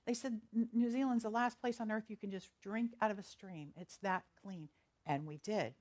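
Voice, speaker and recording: A woman's voice: medium pitch, fairly even intonation, normal speed, darkish tone. A woman minister, giving a chatty, storytelling sermon and laughing easily. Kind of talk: conversational sermon.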